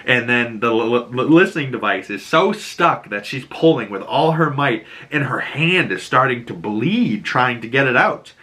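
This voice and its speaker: A man hosting a series breakdown channel, casually recapping episodes with excited, profane, acted-out retellings. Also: medium pitch, normal speed, hardly any pauses.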